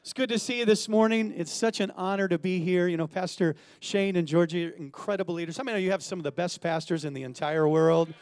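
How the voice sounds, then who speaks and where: A middle-aged man from California preaching a sermon as a guest pastor, energetic and joking, calling for amens. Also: high-pitched, quick pace, hardly any pauses, clear, resonant tone.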